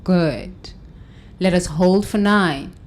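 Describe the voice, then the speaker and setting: Slow, soothing woman leading breathwork. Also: fairly low pitch, very noisy. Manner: slow, soothing counting with loud sighs. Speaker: breathwork and self-help host. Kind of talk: guided breathing and motivational talk. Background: faint instrumental music.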